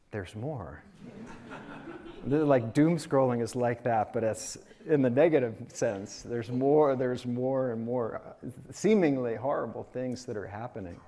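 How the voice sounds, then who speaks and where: A man delivering a Sunday sermon at a measured, unhurried pace, his pitch sitting in an ordinary middle range. He speaks reflectively, weaving personal anecdotes into his teaching with an easy, gentle humor. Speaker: minister giving a Sunday talk. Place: spiritual community service.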